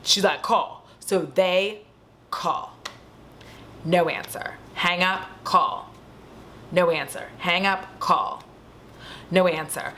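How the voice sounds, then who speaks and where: A woman with a fairly low voice gives a loose, foul-mouthed recap of a horror film from her home. She talks straight to her viewers with lots of playful asides. A faint hiss of noise sits under her voice. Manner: animated, swears freely, chatty asides to viewers. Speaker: horror movie recap vlogger. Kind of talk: casual profane movie recap.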